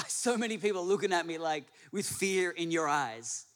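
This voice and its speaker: A man's voice: a little high, lively intonation, normal speed, a bit bright, long reverb tail. A male pastor preaching a sermon to a congregation, emphatic, repeating his phrases and asking the room questions. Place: church hall with an audience.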